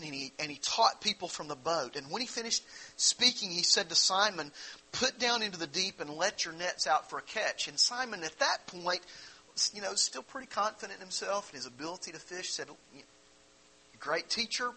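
A man's voice: on the high side, pushed and bright, husky, poor audio. A man preaching a sermon, explaining a Bible passage in a conversational way and asking his listeners rhetorical questions. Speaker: pastor.

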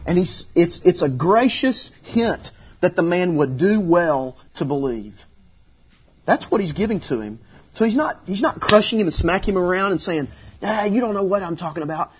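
A middle-aged man preaching a sermon as pastor, earnest and emphatic, sometimes voicing pleas at a higher pitch. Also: very animated, normal speed, muffled recording, slight background noise.

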